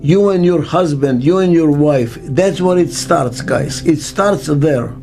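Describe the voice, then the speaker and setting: Slow, emphatic older man, music under. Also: fairly high pitch, a little mellow. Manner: slow, emphatic, repeats key words. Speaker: business consultant interviewee. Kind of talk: reflective interview monologue.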